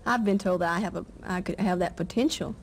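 A woman's voice: fairly low pitch, quick pace. A woman guest singer on a TV show, answering the host's questions in a giggly, earnest way. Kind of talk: on-stage interview chat.

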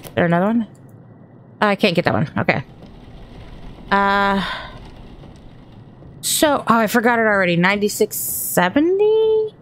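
A woman's voice: medium pitch, normal speed, long pauses, a bit bright, a little hiss or hum. Jumpy woman narrating a horror game. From Texas. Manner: chatty, thinks aloud, jumpy and easily startled. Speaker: gaming streamer. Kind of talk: horror game let's-play commentary.

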